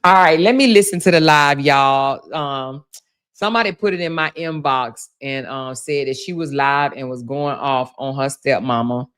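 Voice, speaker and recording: A woman hosting a casual livestream, reading viewer comments aloud and laughing, teasing and swearing freely as she talks straight to her viewers. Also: moderate pace. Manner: animated, swinging between loud exclaims and low asides. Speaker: blogger and livestream host.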